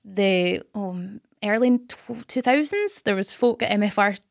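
A young woman with a Scottish Highlands accent, a radio presenter telling stories in casual podcast chat, laughing often. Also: a little slow, creaky, no echo, studio quality. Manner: animated storytelling, laughs often.

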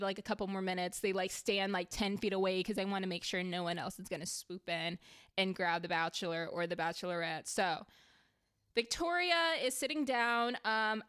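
A woman talking casually and heatedly through a reality TV recap, chatty and quick to swear when annoyed. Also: mid-range voice, a bit bright, clean tone, no room sound.

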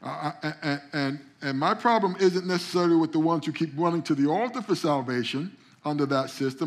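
A man's voice: a little high, fairly quick. A male pastor delivering a conversational sermon, repeating and restarting words as he goes and calling out to the congregation for responses.

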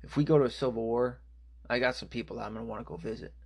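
Guy going off on a profane rant, lots of ums and restarts, medium-pitched voice. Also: steady tone, quick pace, creaky, darkish tone, slightly rough. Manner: profane, ranting, many fillers and restarts. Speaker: political commentator. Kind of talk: angry political rant.

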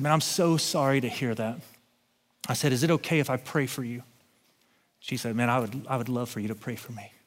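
A man's voice: fairly high pitch, fairly bright tone, in a large hall. A man preaching a sermon, telling a personal story in a conversational way and building to emphatic scripture reading. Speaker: pastor.

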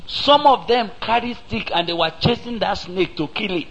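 In a muffled recording, a high-pitched man with lively intonation and a Nigerian English accent delivers a sermon. He speaks slowly and with emphasis, poses rhetorical questions to the congregation, and bursts into sudden loud peaks.

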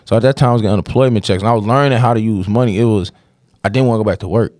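A man's voice: lowish voice, rapid-fire, a little mellow, dry recording, clean studio sound. A man candidly telling a rambling personal story in casual podcast talk, with plenty of cursing.

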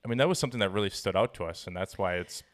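A man's voice: sits low, very fast. A man co-hosting a podcast, chatting casually and rambling with hedges and fillers. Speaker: podcast co-host.

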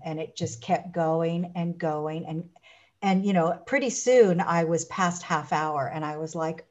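A woman guest in a casual interview, telling stories with lively acted-out quotes and frequent restarts. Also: fairly low pitch, measured pace, lo-fi sound. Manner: animated storyteller, acts out quotes.

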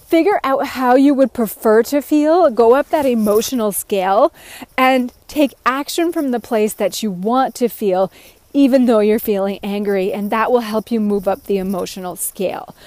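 A woman's voice: on the high side, a little mellow, dry recording. A woman giving an earnest, encouraging self-help talk, speaking in long run-on sentences as a life coach. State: a bit out of breath.

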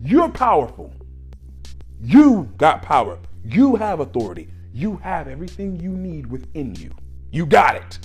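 A man preaching a sermon on gratitude in an exhorting way, moving from low talk to loud shouts. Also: very animated, a little slow, husky, faint music behind.

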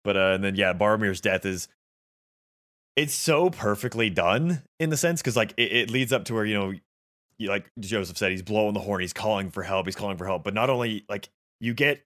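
A man's voice: lowish voice, fairly bright tone. A man chatting eagerly about films as a podcast co-host, rambling with lots of fillers. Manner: enthusiastic, rambling with many fillers. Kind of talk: casual film discussion.

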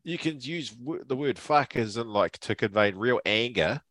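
A man's voice: mid-range voice, lively intonation, moderate pace, fairly bright tone, dry recording. A man with a New Zealand accent, co-hosting a podcast in casual chat, rambling with many fillers and restarts. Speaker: podcast co-host.

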